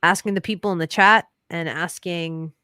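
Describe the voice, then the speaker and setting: A woman's voice: on the low side, steady tone, normal speed, sharp tone, no room sound, clean studio sound. Upbeat chatty woman hosting a livestream. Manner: upbeat, chatty, says "bro" a lot. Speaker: livestream host. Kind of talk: casual livestream Q&A.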